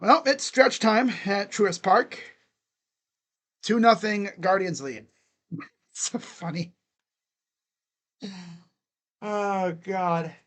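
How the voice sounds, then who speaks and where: A man's voice: sits high, drawn-out words, long pauses, a bit bright. A young man doing casual live play-by-play of a baseball game, chatty and given to chanting and laughing. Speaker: live reaction play-by-play host.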